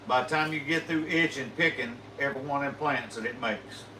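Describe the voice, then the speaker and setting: A man's voice: medium pitch, brisk, bright, forceful tone, reverberant, far from the mic, slight background noise, low-quality recording. A middle-aged man with a North Louisiana country accent, chiming in easily during a live stream. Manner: country-talking, easygoing. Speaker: co-host. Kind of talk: casual live stream chat.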